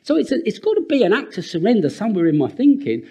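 High, lively older male preacher. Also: fast talker, slightly rough. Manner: animated and earnest, with laughing asides and repeated words. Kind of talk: sermon.

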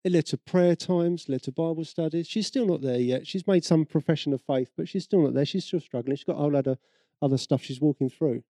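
A man's voice: fairly high pitch, brisk, warm tone, dry recording, studio quality. A man with a British accent giving a sermon, telling everyday stories in a conversational way and acting out the people he quotes. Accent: British English. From Britain. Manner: conversational storytelling, acts out quoted voices. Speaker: preacher.

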